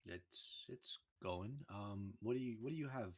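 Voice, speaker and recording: Low husky stammering man. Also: a little slow. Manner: stammering, joking. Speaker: player. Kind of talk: casual tabletop play.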